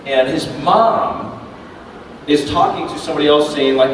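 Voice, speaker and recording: A man's voice: on the high side, moderate pace. Man telling stories in an echoey hall. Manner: laughing, animated storyteller. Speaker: voice actor, panel guest. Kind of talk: convention panel Q&A storytelling. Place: large convention panel room. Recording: echoey hall from far off, noisy.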